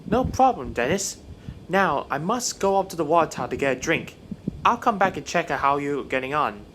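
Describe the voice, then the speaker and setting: A man voicing a cheerful, helpful young male tank engine in a fan story, in a bright, eager manner. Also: a little high, very animated, moderate pace, a little hiss or hum.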